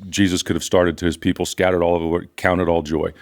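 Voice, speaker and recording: A man's voice: deep voice, level tone, quick pace. An older man, a pastor, teaching from scripture in an earnest, emphatic conversational way. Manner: earnest, emphatic, repeats phrases for stress.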